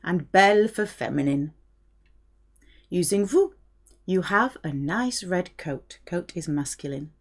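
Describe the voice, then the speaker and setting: A middle-aged woman from France giving a language lesson, patiently explaining and modelling phrases clearly. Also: lowish voice, expressive, slow pace, pauses often. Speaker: French teacher.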